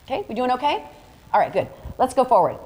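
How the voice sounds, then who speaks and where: A woman's voice: fairly high pitch, wildly swooping pitch, quick pace, darkish tone. A woman teaching a photography workshop to a live audience, chatty and direct, walking students through demonstrations. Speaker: photography instructor. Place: large room with a live audience. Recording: reverberant hall, faint ambient noise.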